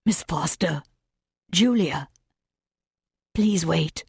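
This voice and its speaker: Woman voicing an earnest, humble gentleman suitor. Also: lowish voice, very slow, gravelly, breathy edge, no echo, clean studio sound, full character voice. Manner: sincere, gently pleading. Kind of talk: audiobook narration.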